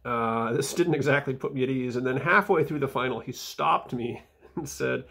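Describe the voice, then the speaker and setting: Man, husky rough voice, casual vlog reading, dry wit, fillers and soft mumbled asides. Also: medium pitch, moderate pace. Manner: dry, wry humor. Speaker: vlogger reading his own footnotes.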